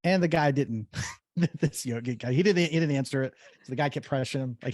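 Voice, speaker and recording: A man hosting a podcast, telling a story in a relaxed way. His voice has a gravelly fry and sounds close and dry. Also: medium pitch, moderate pace, dry recording. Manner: storytelling, affirming. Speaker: podcast host. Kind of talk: casual spiritual conversation.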